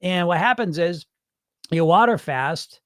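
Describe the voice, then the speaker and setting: A man with a high voice speaks unhurriedly in studio-quality audio with no room sound. Hosting a weight loss live stream, he reads comments from viewers and answers bluntly while cursing freely. Animated and casual, he mimics the thoughts dieters tell themselves.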